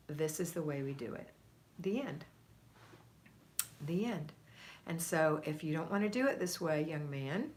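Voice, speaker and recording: A middle-aged woman, chatting on a live stream and giving a firm, motherly pep talk to her viewers. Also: low-pitched. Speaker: homemaking coach live-streaming.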